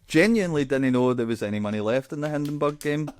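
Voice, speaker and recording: A man's voice: on the high side, slight background noise. Wry Glaswegian man, podcast banter. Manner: dry, wry asides with easy laughter. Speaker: podcast co-host. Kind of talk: casual comic chat.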